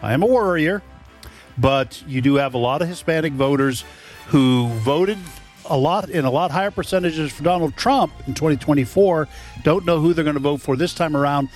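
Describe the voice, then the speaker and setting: A man co-hosting a radio talk show, speaking in a measured, slightly worried way. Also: fairly high pitch, faint music behind. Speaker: radio co-host. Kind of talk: casual political chat.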